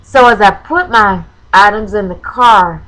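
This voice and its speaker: A woman's voice: medium pitch, measured pace, fairly bright tone, low-quality recording. A woman vlogger telling a personal story, hesitant and full of ums and self-corrections, close to tears as she talks. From Florida. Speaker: crafting vlogger.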